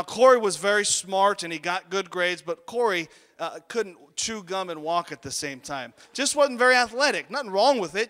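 A male pastor delivering a sermon with animated storytelling and abrupt shifts between loud and hushed. His voice sits high, bright and clear, carried by the long reverb of a church hall. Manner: animated storytelling, sudden volume swings.

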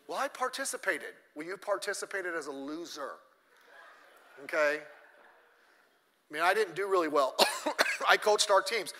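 A man's voice: fairly high pitch, pushed and bright. A middle-aged man preaching a sermon, telling a story with acted-out lines and blunt, joking asides, coughing now and then. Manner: storytelling, acting out characters' lines. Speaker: pastor. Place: church. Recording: long hall reverb.

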